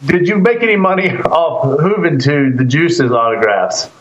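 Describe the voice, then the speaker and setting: A man's voice: on the high side, expressive, moderate pace, slight background noise. Laid-back male podcast host, echoey. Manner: laid-back, peppers talk with "man" and "dude". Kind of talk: casual chat. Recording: echoey, dull lo-fi sound.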